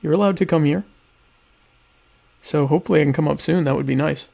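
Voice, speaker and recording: A man's voice: fairly high pitch, a little fast, gravelly, a little mellow. A man hosting a casual solo livestream from home, rambling sarcastically and eating dinner while he talks. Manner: sarcastic, rambling, mock-grandiose. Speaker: podcast host. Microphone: webcam stream setup.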